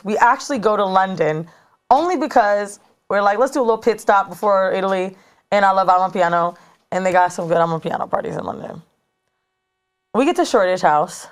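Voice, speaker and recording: A woman in her thirties telling a story in casual chat as a podcast co-host, animated and slangy, recorded in a studio. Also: mid-range voice. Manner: animated, slangy, dramatic retelling.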